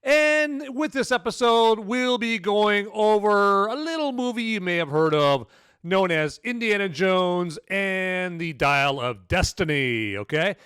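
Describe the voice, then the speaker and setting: A man's voice: high voice, expressive, a little slow, fairly bright tone, clean tone, dry recording, studio quality. A man giving a casual, rambling spoken movie review, often tacking "okay?" onto his sentences. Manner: rambling, many fillers and "okay?" tags.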